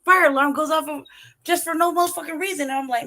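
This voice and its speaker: A woman with a high voice hosts a casual commentary. She rants at length, swears constantly and tells her own stories in an animated, unfiltered way. She is from Los Angeles. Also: fast talker. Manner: animated, swearing, ranting and laughing. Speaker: show host commenting on a played clip.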